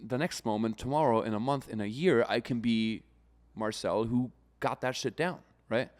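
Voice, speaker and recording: This podcast co-host has a medium-pitched voice and a moderate pace. In casual, profane conversation he stays animated, regularly acting out how other people talk.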